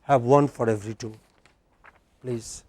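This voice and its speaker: A man's voice: mid-range voice, fairly even intonation, a little slow, darkish tone, breathy edge, no room sound. A man teaching a class, chatty, restarting sentences and quizzing his students. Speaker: English teacher. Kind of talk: classroom instruction. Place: indoor classroom.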